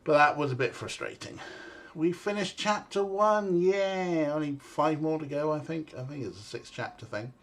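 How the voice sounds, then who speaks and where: A man's voice: a little high, moderate pace. Chatty male streamer wrapping up. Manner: chatty and rambling, with frequent fillers and swearing. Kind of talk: casual livestream chat.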